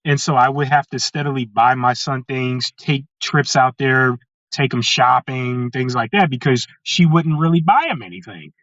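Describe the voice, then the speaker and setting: A man's voice: mid-range voice, normal speed, fairly bright tone. A man from California, talking in an everyday mid-range voice as a podcast guest. He tells his story casually, with plenty of "uh"s and false starts. The sound is a bit muffled and dry, with no room echo. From California, USA. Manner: frequent "uh" fillers and restarts, acts out quoted people.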